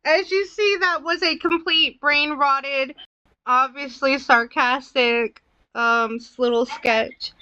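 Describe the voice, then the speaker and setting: Slow-talking, bright-voiced young woman. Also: sits high, steady tone, no echo. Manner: laughing, blunt, slangy. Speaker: podcast co-host. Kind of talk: casual chat. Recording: dry, dull lo-fi audio.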